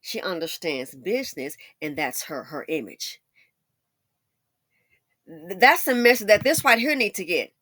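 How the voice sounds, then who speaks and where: A woman's voice: medium pitch, big pitch swings, unhurried, a bit bright, dry recording, studio quality. A woman giving sassy, emphatic, opinionated celebrity commentary. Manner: sassy, emphatic, mocking asides. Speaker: commentary channel host.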